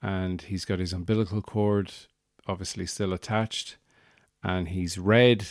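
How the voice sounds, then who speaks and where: Deep-voiced Irish man telling a comic story. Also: steady tone, a little slow, no room sound, studio quality. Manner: rambling, digressive, wry. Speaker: podcast host.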